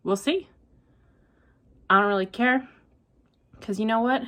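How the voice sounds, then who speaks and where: A woman book vlogger talking casually to camera, deadpan and exasperated as she rants. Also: on the high side, a little slow. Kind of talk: casual reading vlog.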